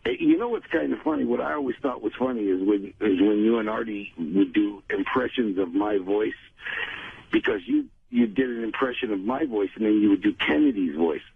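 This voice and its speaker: A man calling in to a radio show, telling rambling, animated stories in a gravelly, husky voice. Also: fairly low pitch, brisk, no echo. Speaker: phone guest. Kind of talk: casual radio chat. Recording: tinny phone line.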